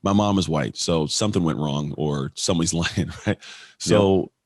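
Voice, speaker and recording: Deep-voiced guy telling his story on a podcast, lively, acts out other people's lines, dry close sound. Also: normal speed, no room sound. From California. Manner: animated, acts out quoted voices. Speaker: podcast guest. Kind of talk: storytelling in an interview.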